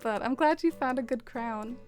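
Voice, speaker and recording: A young woman streamer chatting casually with her viewers as she decorates, full of "like" and quick laughs. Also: fairly high pitch, a little mellow, soft background music. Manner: chatty, many fillers, laughs often. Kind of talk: casual livestream chat with viewers.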